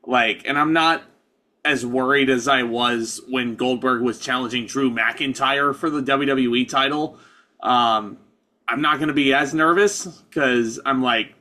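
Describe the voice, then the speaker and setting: A man's voice: medium pitch, unhurried, bright, forceful tone. A man co-hosting a casual wrestling review podcast, easygoing and hedging with casual swearing. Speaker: podcast co-host.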